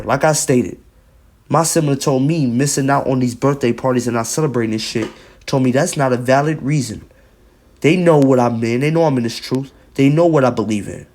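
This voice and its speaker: A man's voice: medium pitch, darkish tone. A man giving an emphatic, repetitive preaching commentary on video, reading scripture and news aloud and often adding "man".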